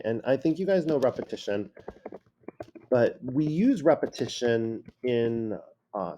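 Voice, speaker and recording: A man's voice: medium pitch, warm tone, slight background noise. Casual man lecturing a classroom. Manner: casual, acts out quoted phrases with shifting tone. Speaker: high school teacher.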